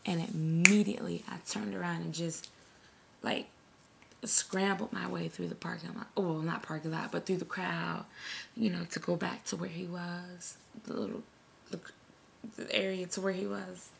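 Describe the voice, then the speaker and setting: A woman from New York, hoarse from screaming, telling a long story in an animated, indignant, swearing rant with a New York accent. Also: lowish voice, moderate pace, a little hiss or hum.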